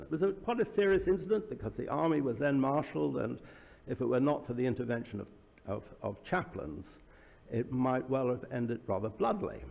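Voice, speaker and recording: A man tells anecdotes to an audience at a book launch, his voice sitting at an average pitch with a gravelly, creaky edge. He wanders through the stories with fillers and small restarts. The sound carries a long reverb, as in a large hall. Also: darkish tone. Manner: storytelling with frequent fillers and restarts. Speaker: author speaking at a book launch. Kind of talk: anecdotal public talk.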